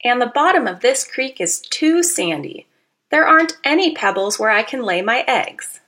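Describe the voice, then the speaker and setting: A woman reading aloud as a picky, adventurous young trout from a storybook, fretting and exclaiming over every stream she tries. The voice is bright and clear and swings widely in pitch. It stays lively as she judges each habitat. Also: normal speed. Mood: disgusted. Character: adventurous female steelhead trout, fussy about water.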